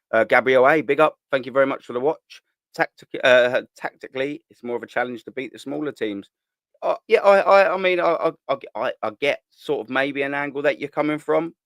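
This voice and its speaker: A man's voice: lowish voice, clean tone. A chatty man hosts a morning live stream from home, talking straight to his viewers. His delivery is loose and slangy, full of repeated words and restarts. The sound is dry and close, with no room echo. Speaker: host of a live morning fan show. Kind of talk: casual live-stream chat reading viewer comments.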